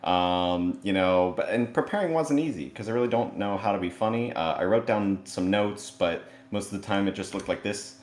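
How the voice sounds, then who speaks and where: Over a video call, a man with a lowish, somewhat dark voice takes part in a comedic roast, speaking at a moderate pace with few pauses. His jokes are sarcastic and mock-earnest, mixed with self-deprecating asides, and the echo comes from the barely furnished home he has just moved into.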